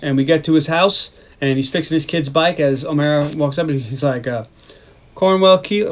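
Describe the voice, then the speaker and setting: Rambling, high-ish male podcast host. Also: brisk. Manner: rambling retelling with swearing and acted-out quotes. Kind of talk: casual movie recap.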